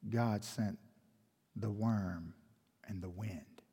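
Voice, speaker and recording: Male pastor with a husky voice, dramatic sermon delivery that drops to a hush, long church-hall reverb. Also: mid-range voice, expressive, normal speed. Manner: dramatic storytelling with sudden swings from loud to hushed. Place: church sanctuary.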